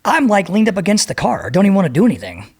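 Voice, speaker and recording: A middle-aged man telling a profane, animated story as a podcast guest and acting out the people in it. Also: sits high, rapid-fire, slightly rough. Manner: profane, animated, acts out voices in his anecdote. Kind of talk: storytelling in a casual interview.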